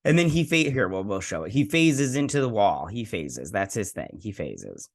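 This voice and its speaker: A man's voice: fairly low pitch, very animated, normal speed. A man hosting a TV review, casually recapping an episode in a rambling way with lots of fillers and quoted lines. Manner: rambling retelling full of fillers and "he's like" quotes. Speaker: host and TV reviewer.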